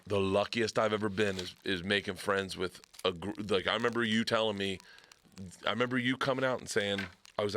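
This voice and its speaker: Bright-voiced man spinning an animated story. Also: fairly low pitch, slight background noise. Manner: animated storyteller, swears freely, acts out quotes. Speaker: comedian podcast guest. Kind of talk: casual podcast chat, storytelling.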